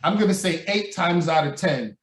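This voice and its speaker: With a fairly high pitch and normal pace, a man co-hosts a casual podcast, animatedly voicing the people he quotes and breaking into loud laughter. The recording is distant, made in an echoey room with his voice a bit off mic.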